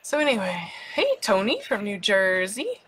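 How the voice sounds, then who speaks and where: A woman from Virginia, hosting a craft livestream in a chatty, bubbly way, her voice leaping high on greetings. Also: huge pitch swings, moderate pace, fairly bright tone, slight background noise. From West Virginia. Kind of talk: casual live-stream chat.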